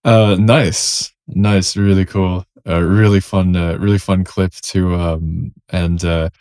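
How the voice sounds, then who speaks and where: A man's voice: low voice, little pitch movement, slow, darkish tone, clear, resonant tone, no echo, clean studio sound. A man co-hosting a podcast, reacting to a clip in a rambling, casual way full of fillers.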